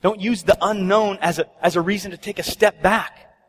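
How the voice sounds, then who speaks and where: A man's voice: high-pitched, fairly even intonation, moderate pace, a bit bright, breathy edge, in a large hall. A man preaching a sermon as pastor, urgent and conversational, often acting out bits of dialogue. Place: church sanctuary.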